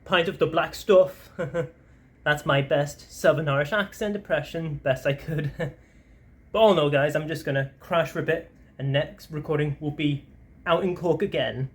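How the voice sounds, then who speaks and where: A man's voice: a little high, normal speed, breathy edge. A man chatting casually in a travel vlog, upbeat and rambling, with lots of ums as he talks while walking around a city. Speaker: travel vlogger. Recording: street traffic noise behind.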